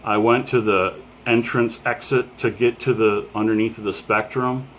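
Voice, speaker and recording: A man's voice: lowish voice, steady tone, moderate pace, fairly bright tone, slight background noise. A middle-aged man from Pennsylvania telling a story casually to the camera, rambling with many fillers and chuckles. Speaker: collector.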